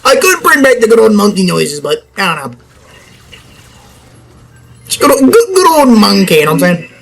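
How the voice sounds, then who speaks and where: A man's voice: high voice, very animated, normal speed, vocal fry, fairly bright tone, a little hiss or hum, poor audio. A young man chatting through a video game let's play, rambling and joking with himself and the game as he goes. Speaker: gaming channel host.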